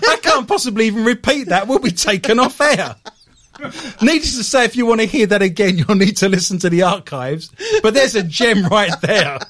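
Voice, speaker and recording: A man's voice: high voice, lively intonation, normal speed, fairly bright tone. A man co-hosting a casual comedy podcast, joking and laughing often as he tells stories and reads news items. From Britain. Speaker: podcast co-host.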